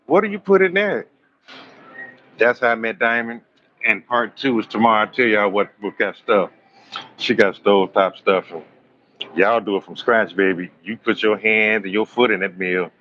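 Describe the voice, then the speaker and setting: A man hosting a live astrology stream, telling raunchy comic stories in an animated, slangy way and joking with his chat. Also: fairly low pitch, normal speed, pauses often, highs cut off, slight background noise. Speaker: astrology livestream host. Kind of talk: live tarot reading with raunchy comic storytelling.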